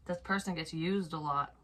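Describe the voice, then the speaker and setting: A woman giving an unscripted psychic reading, soft and hesitant, thinking aloud with many restarts and casual swearing. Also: low-pitched, heavy background noise. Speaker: psychic medium.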